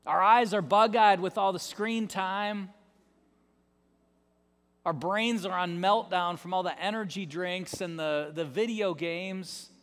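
A male pastor giving a sermon in an emphatic, repetitive style, dropping into soft tones for effect. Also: sits high, steady tone, takes it slowly. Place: large church. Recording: long reverb of a large church.

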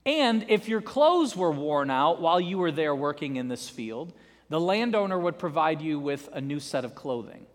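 A male preacher giving an animated sermon, telling a parable with dramatic emphasis, in a reverberant church. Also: on the high side, moderate pace.

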